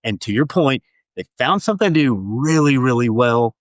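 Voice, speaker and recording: A man's voice: medium pitch, animated, normal speed, no room sound. Conversational male podcast host. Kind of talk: interview questions.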